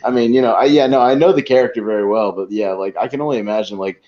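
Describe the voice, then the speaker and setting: A man's voice: medium pitch, fast, a little mellow, lo-fi sound. A man co-hosting a podcast, chatting in a laid-back way and laughing along. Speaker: podcast co-host. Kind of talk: casual podcast chat.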